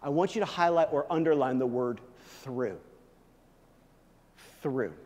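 A male pastor preaching a sermon, swinging from hushed, low asides to loud, emphatic proclaiming. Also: fast, big-room sound.

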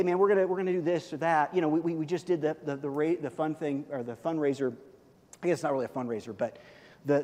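A male pastor delivers a sermon in an easygoing, storytelling way, full of fillers, restarts and repeated words. His voice sits high. The sound carries the long reverb of a church hall. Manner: conversational, animated storytelling with many fillers and repeats.

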